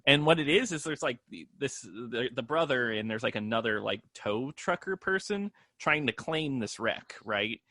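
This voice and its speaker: Bright, dry-sounding chatty man. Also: mid-range voice, animated, moderate pace, hardly any pauses, no room sound. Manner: laughs easily, chatty. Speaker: podcast co-host. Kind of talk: casual movie review chat.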